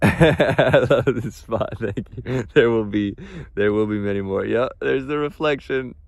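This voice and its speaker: A man's voice: mid-range voice, unhurried, vocal fry, no echo. A man chatting on a late-night livestream in a loose, awed and profane way, drawing out his words and laughing often.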